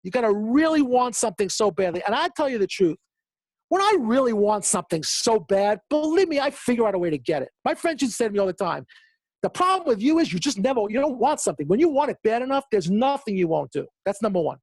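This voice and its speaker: Animated, emphatic motivational speaker man. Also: fast, dry recording. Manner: animated storytelling, acting out quotes with big pitch jumps; repeats words for emphasis. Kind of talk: motivational webinar talk.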